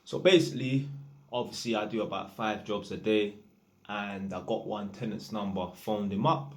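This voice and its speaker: A man, an electrician, telling a work story in a chatty, rambling, slang-heavy way. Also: lowish voice. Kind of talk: casual storytime monologue.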